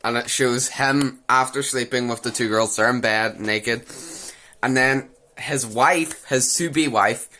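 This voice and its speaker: A man's voice: medium pitch, takes it slowly, sharp tone. A young man giving a crude, mocking, rambling recap of an anime episode, repeating phrases as he rants. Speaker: anime reviewer. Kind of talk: casual ranting recap.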